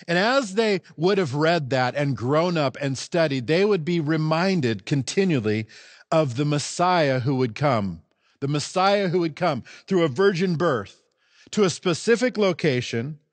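Animated, emphatic male pastor preaching. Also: a little high, a little slow, dry recording. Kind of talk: sermon. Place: church.

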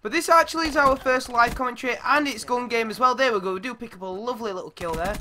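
A young man giving live gameplay commentary, excitable and swearing, his voice going squeaky when he yells. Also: fast talker, a little hiss or hum. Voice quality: goes squeaky when yelling. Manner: excitable, shouts and swears at the game. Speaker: gaming YouTuber.

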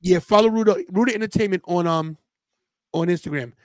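Podcast host, male, high-pitched, chatty storyteller; dry close mic. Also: fairly quick, no room sound. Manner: animated storyteller, quotes friends in a loose slangy way. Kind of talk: casual watch-party chat.

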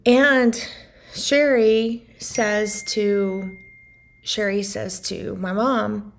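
With a creaky, mid-range voice and fairly even intonation, a vlogger stretches out her words while sharing something personal. She cares for a family member, and her telling is heartfelt and emotional, packed with "like" and "you know."

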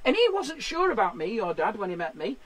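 A man with a Yorkshire accent hosting a stand-up comedy show from a shed, chatty and full of quick asides. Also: sits high, wildly swooping pitch, a bit bright. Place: garden shed.

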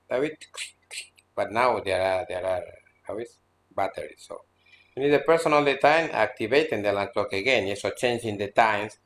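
An earnest male spiritual teacher addresses a small seminar group at an ashram. His voice sits at a medium pitch, and his phrasing is halting and repetitive, full of restarts. He often slips into admonishing the group. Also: a bit bright, slight background noise. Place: seminar room at an ashram in India.

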